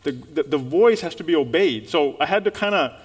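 A man preaching a sermon in church, telling a story in an animated way and calling out to the congregation. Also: fairly high pitch, moderate pace, husky.

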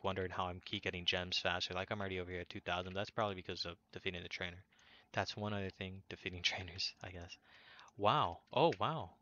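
A young man chatting his way through a game capture, his voice bright and a little low-pitched. He talks loosely with lots of ums and restarted words, upbeat and easygoing. The audio sounds dull and lo-fi. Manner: rambling, upbeat, many fillers and restarts. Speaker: gaming YouTuber. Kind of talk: casual gameplay commentary.

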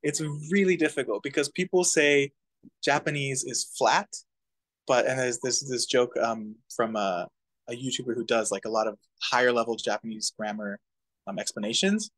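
A man's voice: mid-range voice, normal speed. A man teaching a casual community language class, chuckling now and then and demonstrating pronunciations. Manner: relaxed, chuckling, many fillers, demonstrates pronunciation.

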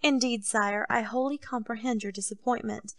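A woman reading an audiobook, voicing a shrewd military captain who answers the king calmly and quietly. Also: on the high side, dry recording, lightly acted. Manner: calm, quiet, measured. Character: calm, shrewd captain, grown man.

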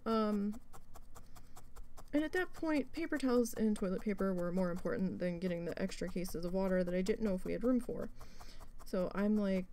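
A woman's voice: mid-range voice, warm tone, slight background noise. A woman vlogger casually telling an exasperated story as she crafts, swearing often and restarting her sentences.

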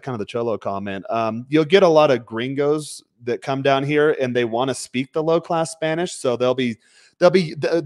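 A man's voice: mid-range voice, a little mellow, dry recording, studio quality. Blunt, emphatic man in casual chat. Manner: blunt, emphatic, drops the odd swear word. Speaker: podcast host. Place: home.

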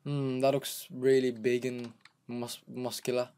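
Guy casually narrating his game as he plays, chatty, counts stuff out loud, mid-pitched. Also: little pitch movement, a little slow, clear, resonant tone. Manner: chatty, narrates each step, counts aloud. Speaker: gameplay commentator. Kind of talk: casual let's-play commentary.

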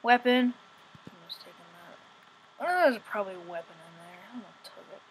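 Young woman, let's-play commentary, high-ish voice, excitable, whiny, rambling, cheap home mic. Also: brisk, slight background noise, low-quality recording. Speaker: gamer. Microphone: poor home recording setup.

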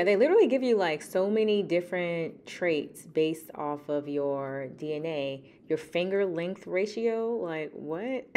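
A woman's voice: low voice, dark tone. A woman vlogging in a casual, chatty way, talking straight to her viewers as y'all. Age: adult with children. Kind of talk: casual chat to camera.

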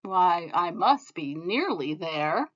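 A determined little male snail, as a woman reads him aloud, calm and polite with an unhurried manner. His storybook voice is bright and lively in pitch, heard through a slightly dull, lo-fi recording. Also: exaggerated voice. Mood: steady, polite.

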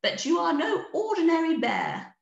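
A grand, kindly queen bee from a picture book, as a woman reads her part, her voice pitched well up and swooping with lively warmth. She speaks with gentle regal poise. The reading carries a roomy echo. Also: moderate pace, gravelly, muffled recording, full character voice.

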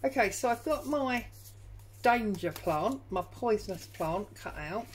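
A woman's voice: medium pitch, expressive, a little slow, slightly rough, low-quality recording. A woman hosting a crafting tutorial from her home craft room, chatting and thinking aloud as she works. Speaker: junk journal crafter and channel host.

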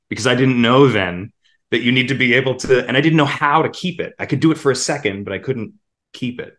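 A man, a voice actor, chatting casually in an interview and now and then slipping into quick character voices. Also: medium pitch. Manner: relaxed, demonstrates character voices in passing. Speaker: voice actor guest.

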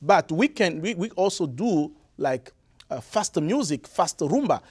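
A young man from the Republic of the Congo with a Congolese French accent, answering interview questions in halting English with many restarts. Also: fairly high pitch, very animated, breathy edge. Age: young adult. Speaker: guest musician.

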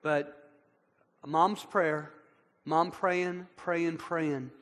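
A man's voice: a little high, fairly even intonation, drawn-out words, fairly bright tone. A man, a pastor interviewing a guest in church, earnest and summarizing. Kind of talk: conversational interview. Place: church hall. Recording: church hall with long reverb.

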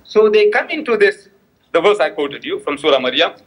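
A man's voice: high-pitched, very animated, fairly quick. A man giving a public religious lecture in a mosque hall, telling a story through repeated phrases and rhetorical questions, and acting out both sides of the quoted dialogue. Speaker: Islamic lecturer.

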